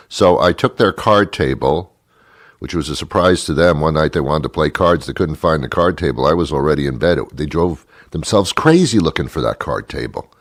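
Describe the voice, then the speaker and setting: A middle-aged man from New Jersey tells rambling stories in a grumpy, sardonic comic monologue. His voice sits very low. The recording is close and dry. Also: lively intonation, moderate pace, no echo. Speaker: show host. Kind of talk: comedic monologue.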